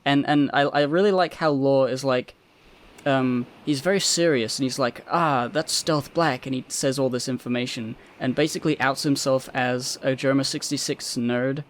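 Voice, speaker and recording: A laid-back man co-hosting a casual podcast, wandering through his thoughts with lots of filler words. His voice sits in an ordinary middle pitch, with a faint noise under the recording. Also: fairly even intonation, normal speed. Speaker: podcast co-host. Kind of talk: casual manga discussion.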